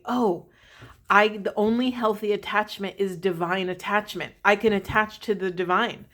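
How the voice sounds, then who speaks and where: A woman's voice: mid-range voice, a bit bright. Earnest woman giving a spiritual talk. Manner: earnest, rambling, with frequent "right?" asides. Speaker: spiritual coach. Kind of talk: casual spiritual talk to camera.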